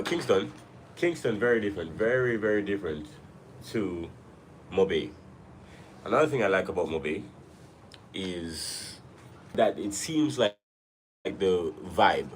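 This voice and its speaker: Low-voiced, slightly sick man streaming live. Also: a little hiss or hum, poor audio. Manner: loose, rambling, repeats himself. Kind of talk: casual live-stream chat.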